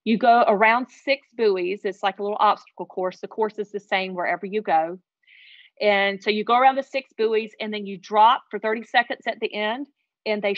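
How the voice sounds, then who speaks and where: A woman telling a heartfelt personal story as an interview guest, earnest and animated. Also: medium pitch, no echo, dull audio.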